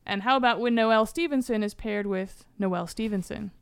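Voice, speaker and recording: A woman's voice: mid-range voice, gravelly, clear, resonant tone, dry recording, clean studio sound. A woman hosting a casual podcast, running a trivia game and reading the outro in an upbeat way. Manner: upbeat, reads scripted outro quickly. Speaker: podcast host and quiz master.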